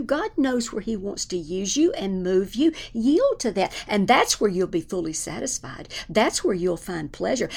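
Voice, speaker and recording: A woman delivers a fervent sermon in a gravelly voice with a noticeable fry. She swings from emphatic preaching down to hushed, whispered prayer. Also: medium pitch.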